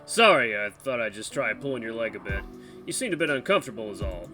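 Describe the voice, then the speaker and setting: A man voicing a proud young guy, friendly and assured, lively pitch, music under the voice. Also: fast talker. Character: confident young man, proud gracious tour guide.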